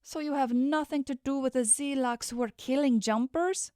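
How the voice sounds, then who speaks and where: A woman's voice: normal speed, darkish tone, no room sound, studio quality, close to an everyday voice. A woman voicing a distraught young female investigator who pleads through tears, audiobook style. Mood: pleading. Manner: pleading, tearful, high-pitched.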